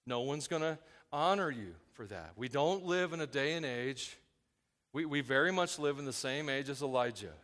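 A man preaching a sermon as a pastor, swinging from loud emphatic points to quiet asides. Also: mid-range voice, lively intonation, moderate pace, in a large hall.

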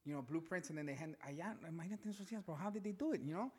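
A young Mexican American man from Chicago co-hosting a casual podcast, talking animatedly and mixing English and Spanish. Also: a little high. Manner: fast and animated, mixing English and Spanish, says bro a lot. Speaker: podcast co-host. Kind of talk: casual chat.

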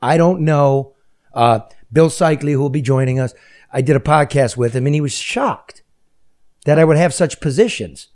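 A man hosting a talk show, chatting casually and making jokey, rambling sponsor pitches. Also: normal speed, a little mellow. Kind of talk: casual talk show chat with live ad reads.

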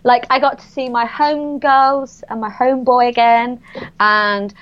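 A woman's voice: fairly high pitch, measured pace. Chatty woman, lo-fi sound. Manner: excited, chatty, full of fillers and restarts. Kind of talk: casual podcast chat.

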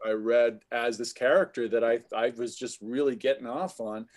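A man's voice: medium pitch, fairly even intonation, normal speed, darkish tone. Middle-aged man telling showbiz stories. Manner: anecdotal, restarts phrases often. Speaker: guest actor. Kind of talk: conversational interview storytelling.

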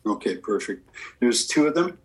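A man's voice: mid-range voice, sing-song, moderate pace, rough recording. A man working as a medium and giving a spirit reading. He asks a string of short yes-or-no questions and answers each reply with "okay, perfect.".

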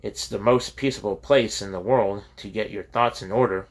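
A man reading the lines of a troubled young male college student who speaks quietly and respectfully. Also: lowish voice, steady tone, moderate pace, lightly acted. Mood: earnest.

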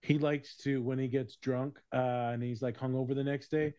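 A man's voice: mid-range voice, little pitch movement, moderate pace, warm tone, clean tone, dry recording. Male podcast host, profane storyteller, dry and dull-sounding recording. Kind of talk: casual podcast chat.

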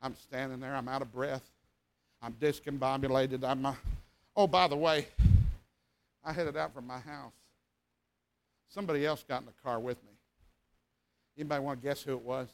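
A man, a revival preacher telling a folksy, animated story in a sermon and acting out sounds and voices. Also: medium pitch, moderate pace, pauses often, clean tone.

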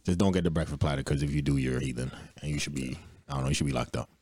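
A man's voice: very deep voice, racing, a little mellow, no room sound, clean studio sound. A young man co-hosting a casual podcast, joking around, laughing a lot and repeating his phrases. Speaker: podcast co-host. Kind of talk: casual banter.

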